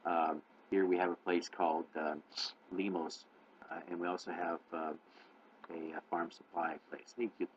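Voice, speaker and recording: A man hosting his own channel, giving casual, rambling cat-care advice full of fillers and restarts, talking fast on purpose. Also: low-pitched, little pitch movement, dull audio, slight background noise.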